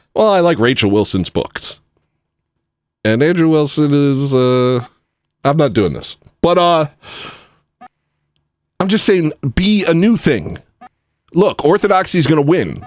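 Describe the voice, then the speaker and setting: A man rants casually to his livestream chat, slipping from muttered asides into loud, heated outbursts. His pitch leaps around a lot and sits a bit high for a man. The sound is close and dry, with no room around it. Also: no room sound. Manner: excitable, ranting, swings from mumbling to loud outbursts. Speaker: livestream host.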